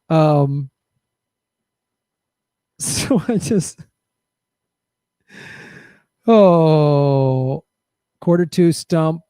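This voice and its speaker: A man's voice: fairly high pitch, drawn-out words, long pauses, dark tone, clean tone, no echo, studio quality. A middle-aged man hosting a livestream comedy show in a loose, chatty way, thanking viewers by name. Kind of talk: casual livestream sign-off.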